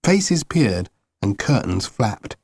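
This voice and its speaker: A man's voice: on the low side, big pitch swings, slow, a little mellow, breathy edge, no room sound. Subdued male audiobook narrator. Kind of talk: first-person audiobook narration.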